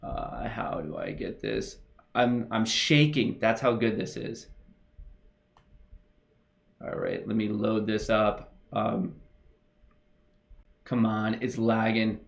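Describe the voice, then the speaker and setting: A young man hosting a casual livestream, excitable and gushing as he talks straight to his viewers. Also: fairly low pitch, slow, vocal fry, pauses often. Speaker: livestream host.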